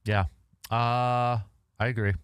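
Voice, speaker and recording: A man hosting a casual sports radio show, animated and halting with fillers and restarts. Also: mid-range voice, smooth, no room sound. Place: radio studio.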